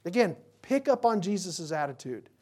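Male pastor delivering a sermon; emphatic preacher, animated, fond of rhetorical questions. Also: high voice, normal speed. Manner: animated, swinging from loud to quiet.

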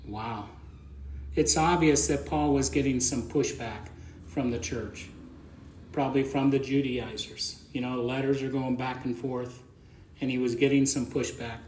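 A man's voice: medium pitch, steady tone, measured pace, darkish tone, reverberant, a little hiss or hum. A man preaching a conversational sermon as pastor, plain-spoken and folksy, often repeating words as he thinks aloud.

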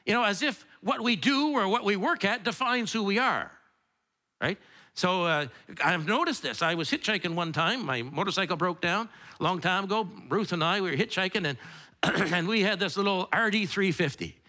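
A middle-aged male preacher whose voice rises and falls a lot. His tone is bright and forward. He stumbles and repeats words and drifts into chatty asides. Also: high-pitched, animated, normal speed. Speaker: pastor. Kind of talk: sermon with opening prayer.

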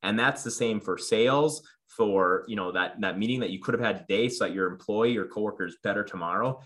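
A man's voice: on the low side, fairly quick, fairly bright tone. A man in his thirties, a guest in a casual interview, talking earnestly with lots of fillers and restarts. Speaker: podcast guest.

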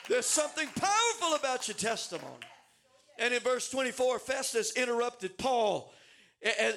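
A man preaching a sermon, animated and emphatic, with dramatic swings in his delivery and repeated words as he builds up. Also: very high voice.

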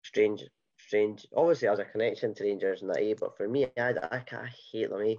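A man's voice: on the low side, brisk, a little mellow, muffled recording. A Scottish man hosting a casual football podcast, chatty and rambling with many fillers and restarts. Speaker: podcast host.

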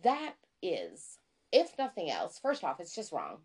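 A woman co-hosting a podcast in casual chat, excitable and self-deprecating, stumbling over words when she gets worked up. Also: fairly low pitch, unhurried, slightly rough. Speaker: podcast co-host.

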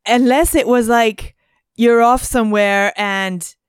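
Animated woman chatting, high voice. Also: slow, smooth, dry recording, clean studio sound. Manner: animated, mocking quotes in a high voice. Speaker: podcast co-host. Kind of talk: casual chat about a movie.

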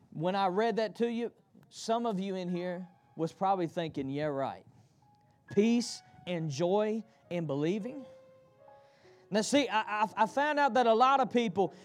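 High-voiced male pastor preaching. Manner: call-and-response preaching; repetitive, rhythmic delivery. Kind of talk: sermon. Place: church.

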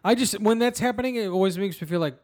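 A young man with a slightly high voice chats casually on a podcast. He rambles, drops the odd swear word and restarts his sentences as he goes. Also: quick pace, a little mellow. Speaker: podcast co-host. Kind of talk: casual chat, reading a review aloud.

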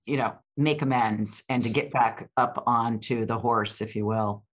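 A woman's voice: rumbling low, steady tone, a little slow. An older woman co-hosting a podcast, chatting casually and rambling with restarts and fillers. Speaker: podcast co-host. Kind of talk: casual chat.

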